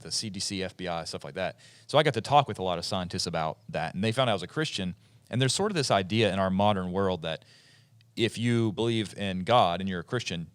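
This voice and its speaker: A man in his forties with a lowish voice hosts a relaxed podcast talk, and he explains things in a chatty way. The recording is close and dry, with no room sound. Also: dry recording. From eastern United States. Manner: chatty, explanatory, with frequent restarts. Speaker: podcast host. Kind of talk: casual podcast discussion.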